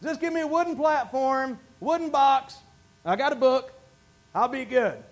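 A male pastor with a Southern drawl delivers a folksy, self-mocking sermon from a church pulpit. His voice sits unusually high, and he stumbles and restarts often. He sounds animated and down to earth. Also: normal speed. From North Carolina. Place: church sanctuary.

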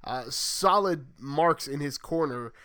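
A man's voice: a little high, takes it slowly, pushed and bright, clean tone. A man in his thirties co-hosting a sports podcast, with wry, dry humor in casual chat. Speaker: podcast co-host.

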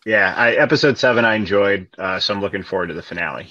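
A man talking in a relaxed, easygoing casual chat. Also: on the low side, fast talker, dry recording, muffled recording.

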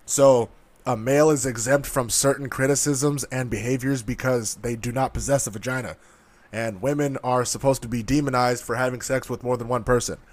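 A man's voice: mid-range voice, steady tone, normal speed. A man giving heated, profane ranting commentary in an aggressive, sarcastic manner. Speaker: online commentator.

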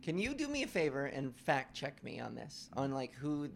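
A man co-hosting a podcast, talking casually with profane, joking, animated rants. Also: mid-range voice, normal speed, vocal fry, slight background noise. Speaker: podcast co-host. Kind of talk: casual comedic chat.

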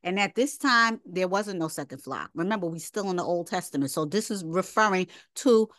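A woman's voice: on the low side, animated, fairly quick, a bit bright, no echo, clean studio sound. A woman teaching a casual scripture lesson, reading verses aloud and then commenting directly to her listeners. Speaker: Bible study teacher.

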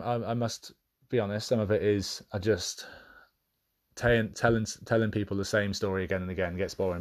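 A man with a deep, low voice speaks on his own podcast. He is candid and reflective, often pausing and restarting mid-thought as he works out what he means. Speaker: podcast host. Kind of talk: reflective personal monologue.

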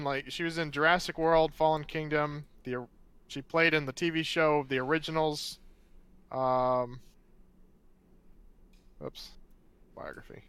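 A man in a casual chat show who laughs easily and drops quick asides. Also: a little high, sharp tone, clear, resonant tone. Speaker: podcast co-host.

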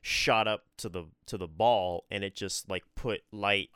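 A young adult man co-hosting a podcast in casual chat, animated and joking, swearing now and then. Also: on the low side, a little slow, a crowd in the background. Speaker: podcast co-host.

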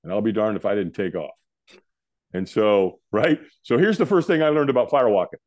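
An older man from California, a podcast guest telling a personal story in a lively way, acting out the other people's lines. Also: on the low side, fairly quick. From California, USA. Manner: animated storyteller who acts out the quoted voices. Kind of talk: storytelling in an interview.

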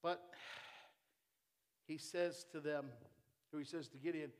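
A man pastor preaching a sermon, animated and playful, swinging between loud bursts and hushed asides. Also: on the high side, slow, long pauses. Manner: playful, jokes with the congregation.

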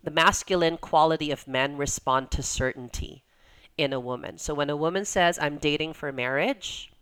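A women's coach chats in a casual podcast interview, her talk full of "like" and "you know." She acts out the voices of people she quotes, speaking at a moderate pace in a low-pitched, clean, somewhat bright voice.

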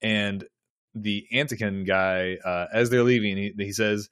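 Rambling low-voiced man podcast co-host. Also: fairly even intonation, normal speed, no echo, clean studio sound. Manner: rambling, full of "like" and restarts, trails off quietly. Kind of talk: casual chat recapping a TV episode.

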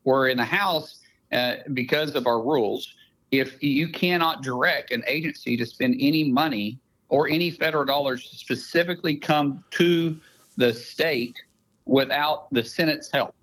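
A man with an Oklahoma accent talks as a guest senator in a relaxed radio interview. His voice sits at an ordinary middle pitch. He is emphatic and piles up one explanation after another. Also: moderate pace, low-quality recording.

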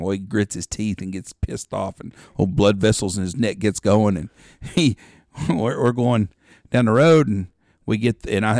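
Gravelly low-voiced man telling stories. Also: a little mellow, no room sound, clean studio sound. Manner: rambling, profane storyteller who acts out quotes. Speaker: podcast co-host, hunting guide. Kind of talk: casual storytelling chat.

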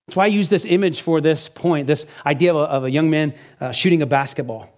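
A man's voice: fairly high pitch, fast talker. Middle-aged male pastor, conversational sermon. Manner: conversational, animated storytelling with frequent restarts.

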